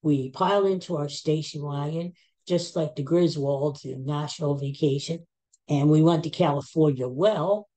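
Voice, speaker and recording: A man's voice: fairly high pitch, moderate pace, dark tone. A man in his sixties with a Philadelphia accent, hosting a podcast as a casual chat and telling rambling stories with self-mocking asides. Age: 60s. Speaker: podcast host.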